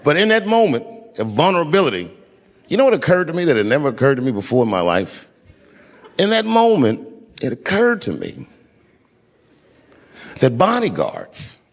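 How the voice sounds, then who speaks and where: A man telling stand-up comedy stories onstage at a large venue into a handheld mic, swinging between shouted punchlines and low, hushed asides. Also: huge pitch swings, normal speed, long pauses. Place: large performance venue on stage. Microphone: handheld stage mic. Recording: long hall reverb, faint noise.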